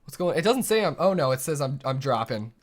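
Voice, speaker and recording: Young male streamer, mid-pitched, rambling playful self-talk over live gameplay, home desk mic. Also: very animated, fairly quick.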